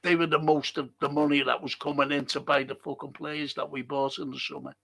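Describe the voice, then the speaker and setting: A man's voice: on the high side, little pitch movement, a little fast, creaky, a bit bright. A man hosting a live fan show, reading viewer comments and ranting bluntly with plenty of swearing. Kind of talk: live-stream chat reading and rant.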